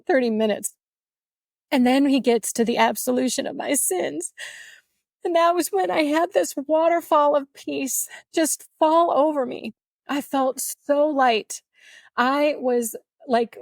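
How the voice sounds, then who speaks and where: A woman guest on a podcast, telling her story in an animated, humorous and emotional way. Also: fairly high pitch, no room sound, clean studio sound. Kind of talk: storytelling testimony.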